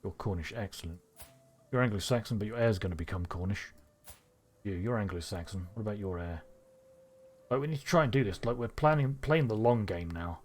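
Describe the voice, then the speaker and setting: A man streaming a strategy game live, thinking aloud with excitable bursts. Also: lowish voice, a little fast.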